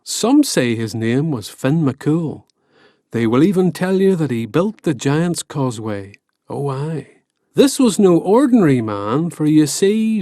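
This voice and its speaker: A man narrating an animated storybook, playful and expressive with wry asides. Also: a little high, slow pace, dry recording, clean studio sound.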